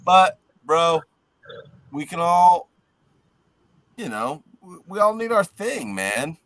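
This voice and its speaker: Brief: mellow co-host, drawn-out casual bro talk, dry room. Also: male voice, fairly high pitch, very animated, no echo. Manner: laid-back, says bro and man a lot. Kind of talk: casual chat.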